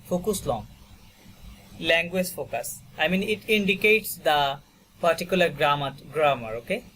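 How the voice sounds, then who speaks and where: A man's voice: a little high, expressive, moderate pace, fairly bright tone, slight background noise. A man teaching French in an online class over a video call, patiently repeating words for students and filling his talk with "you know" and "okay". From Bangladesh. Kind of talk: online language lesson.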